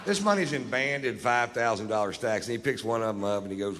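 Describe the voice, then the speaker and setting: A middle-aged man doing stand-up, telling stories in a blunt, profane, deadpan way. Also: on the low side, quick pace, hardly any pauses, noisy background. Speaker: stand-up comedian. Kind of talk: stand-up comedy storytelling. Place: live comedy venue. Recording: live hall with reverb, faint ambience.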